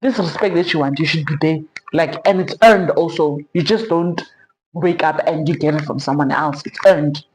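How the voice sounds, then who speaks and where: Young South African woman, low voice, chatty storyteller who drops Zulu slang, sit-down vlog. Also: normal speed, a little hiss or hum, poor audio. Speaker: vlogger.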